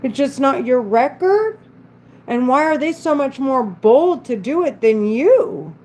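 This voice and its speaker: A woman's voice: high-pitched, sing-song, a little slow, darkish tone, slight background noise, rough recording. A woman talking alone in an unscripted monologue, agitated and rambling, with frequent swearing and broken-off sentences. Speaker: vlogger.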